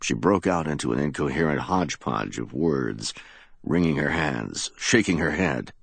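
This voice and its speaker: Brief: male crime-audiobook narrator, low and husky, dry close mic. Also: animated, moderate pace, no room sound. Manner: hard-boiled crime fiction delivery, voices characters. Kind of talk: dramatic audiobook reading.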